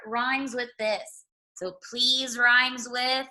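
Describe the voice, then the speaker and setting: A woman teacher reading a picture book aloud to small children, speaking slowly and clearly as she explains. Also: medium pitch, bright, forceful tone, rough recording. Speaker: pre-K teacher.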